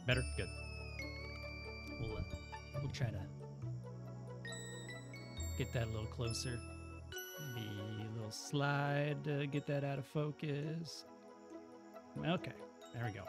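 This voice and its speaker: A man's voice: medium pitch, fairly even intonation, slow pace, pauses often, over loud music. A man hosting casual let's-play commentary, playful and jokey, reading game lines aloud. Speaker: gaming channel host.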